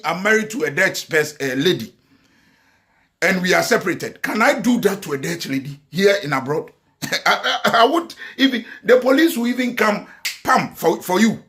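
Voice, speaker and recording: A man sits down to give emotional social media commentary. His voice sits fairly high for a man. He talks in an impassioned way, repeats his points and stumbles over fillers and restarts. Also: a bit bright. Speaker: commentary vlogger. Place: lives in the Netherlands.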